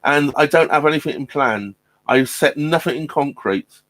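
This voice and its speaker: Streaming casually from his narrowboat, a man with a slightly high, fairly bright voice talks to viewers at a normal speed. His chatter wanders, with plenty of ums, restarts and frequent laughter, all on a dry recording.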